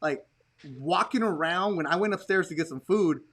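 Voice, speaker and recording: A man hosting a casual podcast chat, telling stories in an animated way and acting out the people he quotes. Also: high-pitched, moderate pace. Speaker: podcast host.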